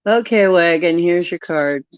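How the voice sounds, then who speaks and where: A woman's voice: lowish voice, dry recording. A woman hosting a live stream, reading oracle cards aloud in a playful, self-mocking way. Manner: playful, laughs at herself, reads card texts slowly. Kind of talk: casual live stream chat. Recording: dull lo-fi recording.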